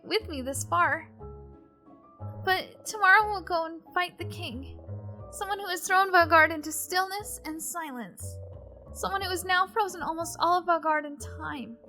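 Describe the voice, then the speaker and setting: A shy young housemaiden from a game stumbles over her words and pushes through the nerves, voiced by a woman. Her voice sits high and bright. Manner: hesitant, stammering.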